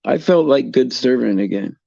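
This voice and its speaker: A middle-aged man hosting a casual faith talk for viewers, halting and repeating words as he restarts his sentences. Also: medium pitch, animated, gravelly, dark tone, no echo, dull audio. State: tearful at times. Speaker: host.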